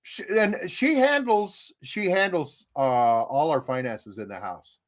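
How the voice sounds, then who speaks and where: A man's voice: a little high, animated, slow. An older man co-hosting a podcast, telling stories in a rambling, folksy way with frequent chuckles. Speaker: podcast co-host. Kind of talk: casual chat.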